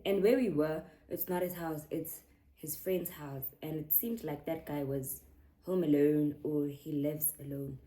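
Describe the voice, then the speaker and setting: A woman's voice: deep voice, fairly even intonation, moderate pace, mellow. A young South African woman with a South African accent, telling a personal story in a casual vlog and slipping Zulu slang into her English. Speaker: YouTuber.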